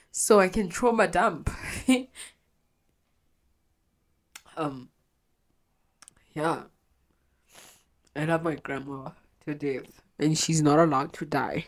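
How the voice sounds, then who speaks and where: Low-voiced woman podcaster. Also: slow pace, long pauses. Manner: raw, blunt, swears freely, trails off. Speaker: podcast host. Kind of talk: confessional podcast monologue.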